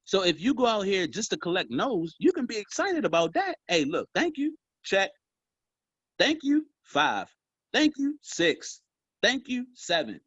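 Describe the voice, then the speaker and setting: A man coaching a group on sales, talking in a casual, animated way and calling them y'all. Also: high voice, measured pace, slightly rough, no room sound, lo-fi sound. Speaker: sales trainer. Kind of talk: motivational training talk.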